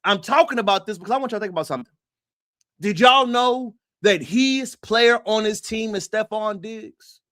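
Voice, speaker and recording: A high-pitched man hosts an opinionated livestream and speaks directly to his viewers, the sound dry and close with no room echo. He's emphatic, hammering points with rhetorical questions and repeated phrases, sometimes breaking into a shout.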